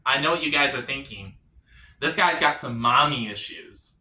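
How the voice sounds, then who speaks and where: A man doing an awkward, self-deprecating stand-up comedy set, dropping to quiet punchlines. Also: mid-range voice, normal speed, echoey room.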